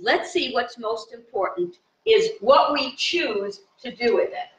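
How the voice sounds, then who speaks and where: A woman giving an informal live spiritual talk to viewers from her home in the country, chatty and animated, with fillers. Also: a little high, unhurried, hardly any pauses. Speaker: spiritual teacher. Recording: dull, roomy sound from a distant mic.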